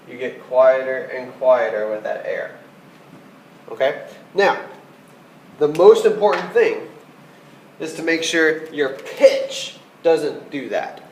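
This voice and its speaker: A man teaches trumpet with a lively, slightly high voice, taking his time and patiently counting out the beats. The sound is roomy, with a faint hum of ambience behind him. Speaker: music teacher. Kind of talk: trumpet lesson instruction.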